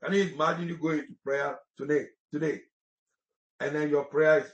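A man's voice: fairly high pitch, fairly even intonation, normal speed, lo-fi sound. A man preaching a sermon with passion, repeating lines for emphasis. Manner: impassioned, repeats phrases for emphasis. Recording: roomy echo.

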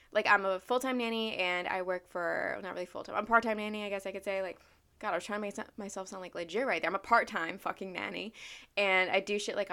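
Young woman, bright edge to the voice, loose self-mocking vlog rant full of "like". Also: medium pitch. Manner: candid, swears freely, self-mocking, lots of "like". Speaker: vlogger. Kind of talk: casual rambling monologue.

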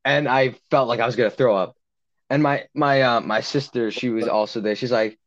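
A man's voice: mid-range voice, fairly even intonation, moderate pace, muffled recording. Rambling young man telling a story. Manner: rambling, with many fillers and restarts. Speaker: podcast co-host. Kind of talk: casual storytelling chat.

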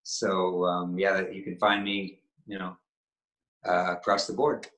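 Male actor from Maine, casual interview guest, rambling delivery, lowish pitch, echoey room. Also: flat delivery, slow, fairly bright tone. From Maine, New England. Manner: rambling, many restarts and fillers.

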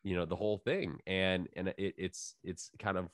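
A man's voice: deep voice, fairly even intonation, moderate pace, no room sound. A man hosting a casual podcast, rambling with lots of fillers and restarts and laughing easily. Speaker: podcast host.

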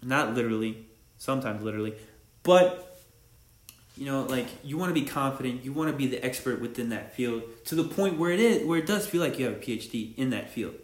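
A man's voice: mid-range voice, fairly quick. A young man hosting his own podcast, rambling casually in slang and laughing at himself as he talks about barbering. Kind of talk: casual solo podcast monologue. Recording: echoey room.

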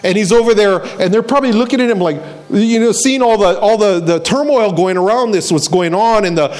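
A man's voice: high voice, a little fast, darkish tone. A man preaching a sermon as a pastor, telling the story and acting out the voices of the people in it, and repeating key phrases for emphasis.

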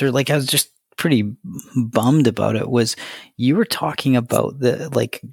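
Gravelly, husky-voiced male podcast host. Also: medium pitch, darkish tone, no echo, studio quality. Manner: rambling, enthusiastic, lots of fillers. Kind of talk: casual interview chat.

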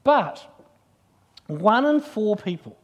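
A middle-aged man preaches in a loose, conversational way. His voice sits high for a man. He keeps slipping into anecdotes and acting out what people said. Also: sing-song, slow. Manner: chatty, anecdotal storyteller acting out quoted voices. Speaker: Christian speaker. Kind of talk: conversational sermon with personal stories.

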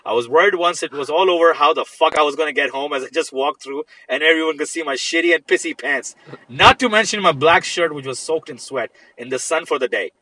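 A man co-hosting a laid-back podcast, reading a listener's story aloud with a bright, slightly high voice. He laughs along and sometimes loses his place. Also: fairly quick, rough recording. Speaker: podcast co-host.

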